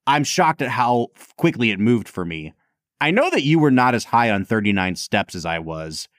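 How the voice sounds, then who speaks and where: A man's voice: mid-range voice, very animated, moderate pace, fairly bright tone, no echo, clean studio sound. A man co-hosting a podcast, chatting casually about films with lots of fillers. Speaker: podcast co-host.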